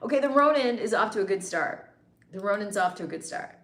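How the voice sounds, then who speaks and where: A woman's voice: mid-range voice, lively intonation, a little fast, a bit bright. Playful woman livestreaming in an echoey room. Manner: playful, teasing, bantering with commenters. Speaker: livestream host reading chat. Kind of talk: casual live chat.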